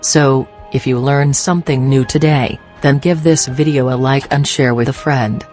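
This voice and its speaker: A narrator reading a business training script in a measured, instructional way. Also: mid-range voice, steady tone, darkish tone, soft background music.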